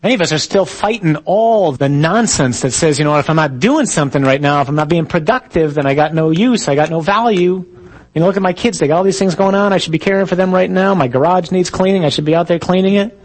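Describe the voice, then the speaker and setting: Husky-voiced priest teaching casually. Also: male voice, sits high, quick pace, rough recording. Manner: conversational, joking, tells stories. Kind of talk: teaching talk to a live audience.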